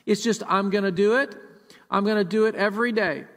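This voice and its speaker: Man preaching loud and emphatic, kinda high voice, big long reverb like a sanctuary. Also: steady tone, a little fast. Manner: emphatic, repeats words while preaching. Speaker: pastor. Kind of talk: sermon. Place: church sanctuary.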